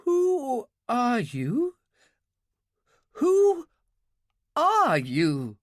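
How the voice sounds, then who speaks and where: A man's voice: very high voice, wildly swooping pitch, very slow, no room sound, clean studio sound, voice pushed up, heavily acted. A man voicing a frightened young woman of about twenty-one in an audiobook thriller, pleading in a shaky, desperate voice.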